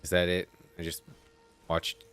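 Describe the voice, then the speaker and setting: Deep-voiced man chatting over a game. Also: completely flat delivery, a little slow, a bit bright, faint music behind. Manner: chatty, jokey, reads game notes aloud in voices. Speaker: let's play host. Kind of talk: casual gameplay commentary.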